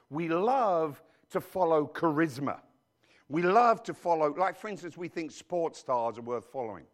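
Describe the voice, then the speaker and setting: A male pastor delivering a sermon in a church, his voice pitched a bit high and swinging widely in tone. He keeps turning to the congregation with questions and asks them to answer back. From outside the United States. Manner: preachy call-and-response with the congregation.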